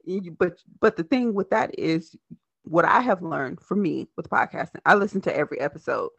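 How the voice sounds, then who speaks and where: Fast-talking woman with a lisp. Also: on the low side, gravelly, breathy edge, no echo, dull audio. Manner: talks fast, animated and laughing. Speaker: podcast host. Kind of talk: casual chat.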